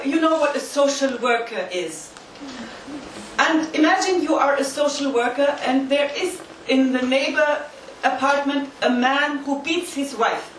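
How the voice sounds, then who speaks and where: A high-voiced woman gives an emphatic, interactive lecture that uses volunteer demonstrations. She's recorded from a distance in an echoey hall, with faint noise.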